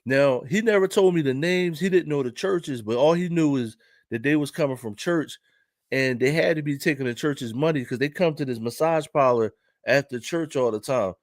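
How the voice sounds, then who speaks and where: A man's voice: fairly high pitch, normal speed, no echo, clean studio sound. A man with a Philadelphia accent telling a casual, rambling story, often repeating himself and checking in with the listener. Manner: loose, repetitive, keeps asking "right?". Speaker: vlogger.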